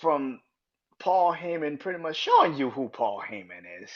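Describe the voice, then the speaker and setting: Profane, rambling podcast host. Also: male voice, fairly high pitch, very animated, normal speed, fairly bright tone, dull audio. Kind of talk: casual wrestling commentary.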